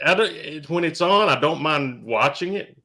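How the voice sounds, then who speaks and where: Bright-voiced man, halting and joking. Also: fairly high pitch, lively intonation. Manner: halting, restarts a lot, joking. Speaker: podcast co-host. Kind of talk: casual chat.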